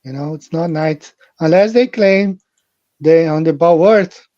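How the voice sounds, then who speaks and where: A livestream host talks in a warm, slightly high-pitched voice at an unhurried pace, with no echo. He chats casually and rambles, repeats phrases, and greets his viewers directly. The recording is muffled and lo-fi.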